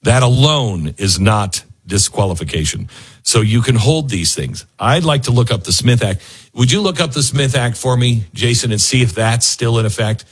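A man hosting a talk radio show, musing and thinking aloud with pauses as he reads and comments before taking calls. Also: medium pitch, lively intonation, breathy edge.

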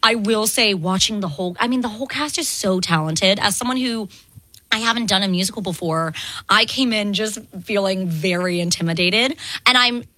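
Guest, woman, bright and chatty, dry studio sound, quick laughs and fillers. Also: medium pitch, no echo, poor audio. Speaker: guest performer. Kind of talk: casual radio interview chat.

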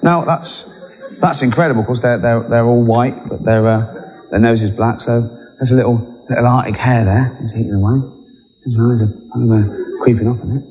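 A man's voice: medium pitch, fairly quick, darkish tone. A man doing a rambling stand-up routine, often breaking into laughter. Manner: giggly, rambling. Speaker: stand-up comedian. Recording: live in a large hall with an audience.

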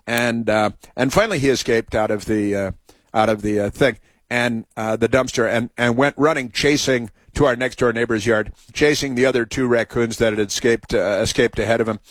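A man's voice: medium pitch, fairly even intonation, moderate pace, no room sound. A man hosting a talk show, telling a meandering story full of restarts and asides, then moving on to political commentary.

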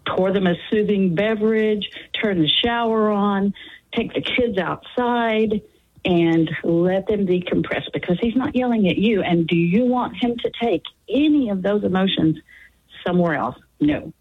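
A woman's voice: medium pitch, slightly rough. An older woman calling in to a radio show, talking earnestly and giving heartfelt advice. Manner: earnest, advice-giving, slows at key points. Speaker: caller. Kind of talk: call-in radio chat. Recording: tinny phone line.

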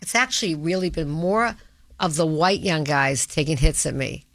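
A woman's voice: low voice, lively intonation, no echo. Middle-aged boston woman, brash and scrappy, no-nonsense talk, dry close sound. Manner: brash, combative, fast-talking. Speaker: guest. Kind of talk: casual conversation.

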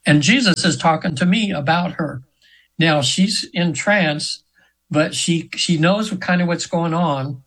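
A man's voice: a little high, measured pace, a bit bright, low-quality recording. A man in his seventies, a hypnotherapist telling a story as a guest in an interview, earnest and rambling with many restarts. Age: 70s.

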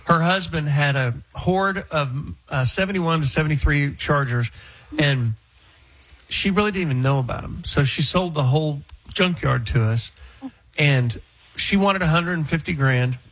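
A man's voice: on the high side, moderate pace, a bit bright, rough recording. A man hosting a radio talk show, chatting and teasing callers and co-hosts.

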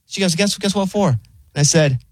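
A man chatting casually as a show host, an animated storyteller who acts out the lines he quotes. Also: high voice, brisk, no room sound.

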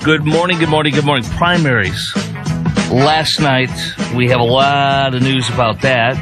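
A man's voice: mid-range voice, normal speed, music in the background. A man filling in as a radio talk show host, giving a sarcastic, rambling, opinionated monologue into a studio microphone.

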